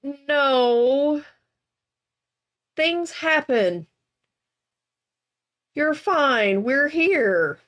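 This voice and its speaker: A woman playing a tabletop game, speaking gently and soothingly at a slow pace. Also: sits high, lively intonation. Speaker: player.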